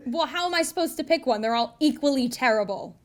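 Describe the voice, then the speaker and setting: A woman playing a high-strung casting director. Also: animated, brisk. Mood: anxious. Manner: pleading, anxious. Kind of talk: comedy sketch acting.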